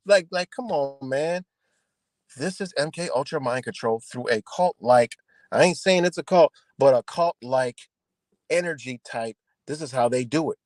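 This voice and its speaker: A man with rants heatedly on a livestream, cursing and repeating himself as he confronts a rival. His voice sits a little high for a man, and the sound is dry and close. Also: no room sound. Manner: profane, confrontational, repetitive. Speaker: livestream host.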